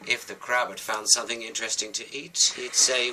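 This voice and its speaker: A man's voice: lowish voice, fairly even intonation, fairly quick, few pauses, sharp tone, a little hiss or hum, rough recording. A British man telling a children's story while he draws and colours, with rambling, chatty asides.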